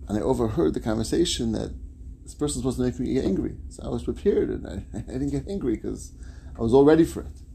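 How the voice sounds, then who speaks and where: Man voicing a soft-spoken, patient visitor; gravelly, mellow. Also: mid-range voice, lively intonation, quick pace, slight background noise. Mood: sheepish. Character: unflappable patient male visitor, mild and forgiving.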